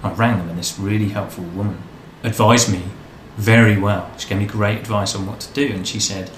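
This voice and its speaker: A man's voice: on the low side, steady tone, a little fast. A man telling his life story in a casual interview, rambling and self-deprecating. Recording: echoey room, faint background noise.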